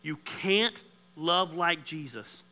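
A male pastor preaching a sermon, telling a personal story with self-deprecating humor in a conversational tone that has lively bursts. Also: fairly high pitch, takes it slowly, poor audio.

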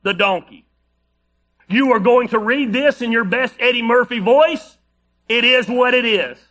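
A man's voice: very high voice, a little slow, a bit bright. A male pastor preaching a sermon, reading scripture aloud with playful, joking asides.

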